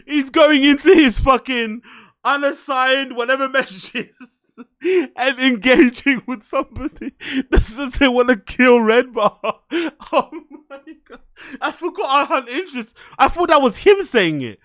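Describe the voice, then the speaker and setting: A man with a very high, bright, sharp voice rants over clips he is reacting to. He is loud, profane and mocking, and he often breaks into shouts. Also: unhurried. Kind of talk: ranting reaction commentary.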